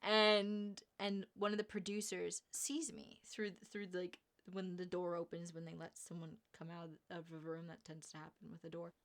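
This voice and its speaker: A young woman vlogger telling a story in a casual, animated way, laughing often and acting out what other people said. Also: fairly low pitch, moderate pace, few pauses. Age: young adult. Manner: animated, laughing, acts out quoted voices.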